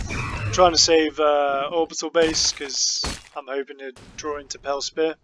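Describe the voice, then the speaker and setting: A man's voice: on the high side, little pitch movement, unhurried, music in the background. A man giving casual, rambling commentary over his card game matches, often joking at his own expense. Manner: rambling, self-mocking, many fillers.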